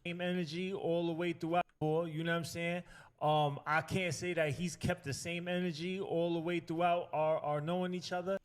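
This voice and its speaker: A man's voice: on the high side, little pitch movement, moderate pace, smooth. A man on an interview podcast, speaking hesitantly with repeated words and fillers. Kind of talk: interview talk.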